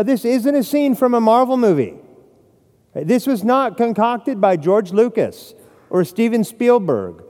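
A man preaching a sermon, animated, with frequent rhetorical "right?" asides. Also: high-pitched. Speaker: pastor. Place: church sanctuary. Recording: long hall reverb.

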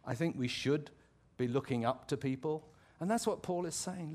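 A man's voice: on the high side, moderate pace. A man with an English accent, a pastor preaching a sermon in a conversational, reflective way, often restarting his phrases and adding asides. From England.

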